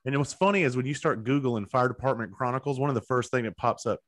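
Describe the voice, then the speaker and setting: A man's voice: mid-range voice, fast talker. A man hosting a podcast interview, talking bluntly and with heavy swearing as he tells personal stories. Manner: blunt, profane, emphatic storytelling. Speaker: podcast host. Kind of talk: casual interview chat.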